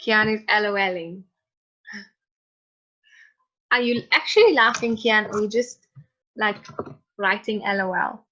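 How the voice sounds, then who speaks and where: Teacher, woman: bright, forceful voice, patient with students, dull lo-fi call audio. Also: mid-range voice, slow, long pauses. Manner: patient, prompting students by name. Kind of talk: online chemistry lesson. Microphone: computer mic on a video call.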